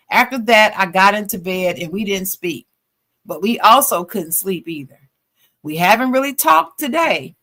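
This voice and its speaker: Bright-voiced woman reading a listener letter. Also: mid-range voice. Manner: expressive reading, breaks off for slangy reactions. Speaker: podcast co-host. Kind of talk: reading a listener letter aloud with casual asides.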